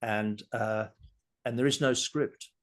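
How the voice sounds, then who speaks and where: A man, a communication trainer and podcast guest, who tells stories in an animated way, laughs often and acts out scenes. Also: mid-range voice, slow. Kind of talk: casual interview talk.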